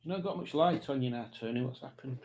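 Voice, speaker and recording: This is a man at a middle pitch, hosting a relaxed stream from home. He reads viewer comments aloud, jokes about them and rambles between answers in a casual, chatty way. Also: fast, slight background noise. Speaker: livestream host.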